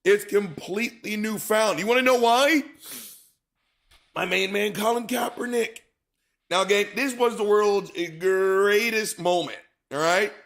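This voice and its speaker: Chatty co-host with a high voice, rambling profane story to his audience. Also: a little slow, fairly bright tone. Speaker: show co-host. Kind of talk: casual monologue to viewers.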